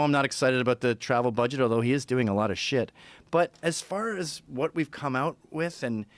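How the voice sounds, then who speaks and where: A man's voice: mid-range voice, dry recording. Blunt, profane man in an interview. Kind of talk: casual interview answers.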